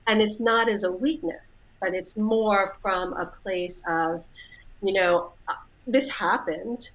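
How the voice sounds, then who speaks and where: A woman's voice: mid-range voice, takes it slowly, fairly bright tone, muffled recording. A woman guest on a podcast, speaking in an earnest, reflective and encouraging way. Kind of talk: casual podcast conversation.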